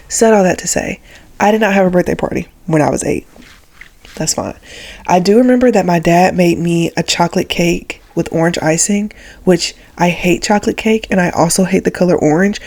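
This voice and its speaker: A vlogger in her twenties with a fairly low, darkish voice tells her audience a childhood story. She keeps it casual and chatty and acts out the quoted voices.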